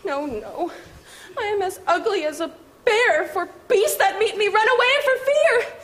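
A woman's voice: very high voice, lively intonation, unhurried, a bit bright, full character voice. A woman playing a lovelorn, self-pitying young woman. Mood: plaintive. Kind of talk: Shakespeare stage reading.

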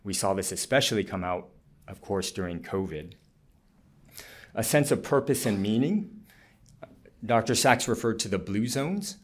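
A man's voice: fairly low pitch, lively intonation, moderate pace, long pauses. A man, a physician, giving a presentation talk in an earnest, explanatory way with frequent fillers.

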